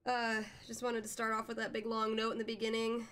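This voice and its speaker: A woman's voice: fairly high pitch, monotone, fairly quick, a bit bright. A young woman streaming a horror game live, who screams, swears and jokes her way through the scares.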